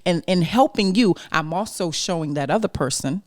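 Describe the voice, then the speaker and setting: A woman's voice: fairly low pitch, lively intonation, normal speed, no room sound, clean studio sound. A woman guest on a casual talk podcast, an organizing expert who speaks emphatically and acts out her clients' lines as she explains her advice.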